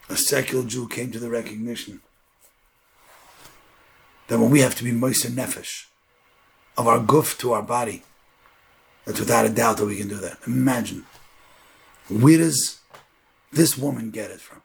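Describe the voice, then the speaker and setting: A man giving a sermon, mixing Hebrew terms into English and building to loud, fervent stretches. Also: fairly even intonation, normal speed, vocal fry, pauses often. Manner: builds to loud, high-pitched fervor; uses Hebrew and Yiddish terms. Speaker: rabbi.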